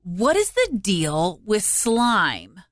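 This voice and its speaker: A woman with a lively, swooping voice who talks in a playful, wisecracking way. Her voice is recorded dry and close, with no room sound. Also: medium pitch, drawn-out words, dry recording. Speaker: radio show co-host. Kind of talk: casual chat.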